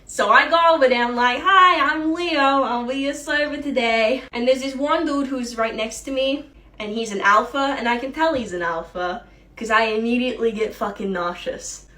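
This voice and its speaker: A woman's voice: on the high side, moderate pace, reverberant, distant mic. A woman telling a comedic story casually, swearing often and acting out the other people's voices. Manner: swearing, animated, mimics voices in anecdotes. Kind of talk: casual storytelling with lip-sync clips.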